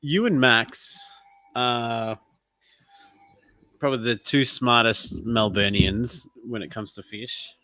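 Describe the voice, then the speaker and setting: A man co-hosting a live stream, chatting in an easygoing, jokey way. His voice sits at a mid pitch, and the sound is dry with no room echo. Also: slow, pauses often, sharp tone. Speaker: livestream co-host. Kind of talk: casual chat.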